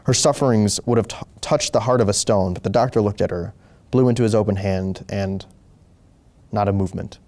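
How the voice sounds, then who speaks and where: Low, mellow male storyteller. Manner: slow, deliberate, occasional slips. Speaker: host reading a story aloud. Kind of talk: measured story narration.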